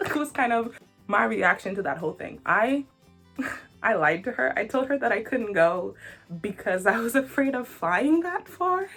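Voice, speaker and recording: A young woman in her twenties tells a story to camera in an animated, joking way, her pitch leaping around. Her voice has a husky, slightly breathy edge. Soft music plays behind her. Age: 20s. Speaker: vlogger.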